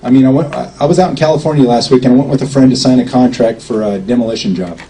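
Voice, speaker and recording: Speaking rapid-fire in a mellow, mid-range voice, a man chats informally to a gathered group on their feet, repeatedly asking "okay?". The mic sits far away and catches faint background noise.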